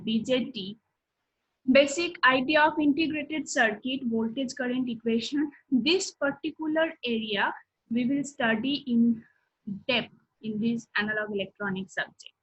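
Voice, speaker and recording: A woman lecturer speaks in a fairly high, slightly husky voice. She works through her topics one by one in a steady, explanatory way. The recording sounds dull and lo-fi.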